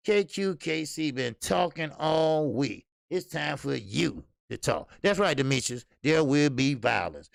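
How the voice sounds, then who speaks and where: A man's voice: a little high, creaky, no room sound, studio quality. A man hosting a boxing channel, talking in a casual livestream style, blunt and profane with lots of repeated fillers.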